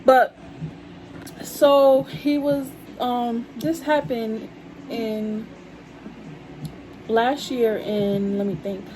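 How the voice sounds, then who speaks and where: A woman's voice: fairly high pitch, steady tone, extremely slow, long pauses, a little mellow, slight background noise, rough recording. A young woman chatting casually to her viewers about her life, calling them y'all. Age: young adult. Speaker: vlogger telling a story. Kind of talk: casual storytime chat.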